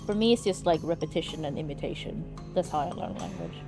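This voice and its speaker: Over music, a young woman live-streams a game in a low voice at a quick clip. Chatting casually and animatedly with her viewers, she swears without holding back and addresses the chat directly.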